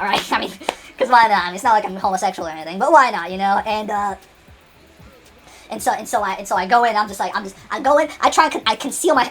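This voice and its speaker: A woman's voice: medium pitch, a bit bright. A woman telling an unscripted comic story, rambling with many restarts and acting out the dialogue.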